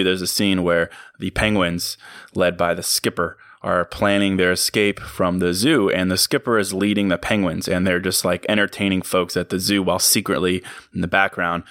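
A man's voice: sits low, fairly bright tone, dry recording, clean studio sound. A man hosting a podcast, giving an earnest, reflective motivational monologue and chuckling at himself now and then. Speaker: podcast host.

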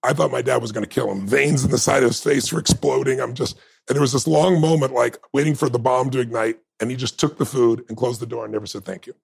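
A middle-aged man, a podcast guest, telling stories in an animated, emphatic way. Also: medium pitch, fast talker, gravelly, husky, no room sound. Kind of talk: storytelling interview talk.

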